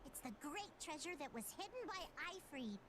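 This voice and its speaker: A woman's voice: sits high, animated, a little fast, background noise. An actress voicing a brash young girl pirate who talks in bold, cheeky pirate slang for a game. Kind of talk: game voice acting.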